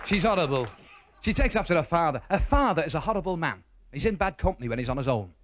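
Stammering Liverpool comic. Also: male voice, on the high side, big pitch swings. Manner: rapid joke-telling with stammered restarts and shouted punchlines. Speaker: stand-up comedian. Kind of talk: stand-up comedy routine. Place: live comedy venue with audience.

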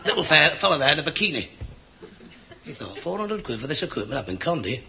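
Gravelly comic telling gags. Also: male voice, on the high side, fast. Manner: deadpan one-liners with voiced characters. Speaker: stand-up comedian. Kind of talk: rapid-fire joke telling. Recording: noisy live club recording. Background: audience laughter.

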